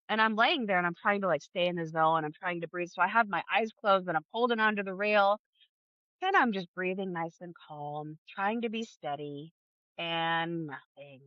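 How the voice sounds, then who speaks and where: A woman in her thirties, a podcast guest, telling her birth story in a casual, animated way, acting out the people she quotes. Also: mid-range voice, no echo, highs cut off. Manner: animated, acts out quoted dialogue, laughs often.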